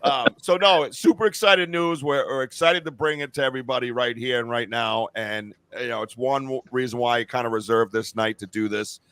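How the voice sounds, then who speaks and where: A man's voice: medium pitch, steady tone, brisk, hardly any pauses, fairly bright tone, smooth, no room sound. A middle-aged man hosting a live-stream podcast, chatting casually in a rambling, profane and enthusiastic way. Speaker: podcast host. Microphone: remote stream call.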